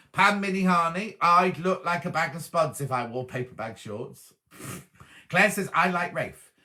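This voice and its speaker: He's hosting a relaxed live stream, and his fairly high voice sounds pushed and bright as he chats, reads viewer comments aloud and answers them.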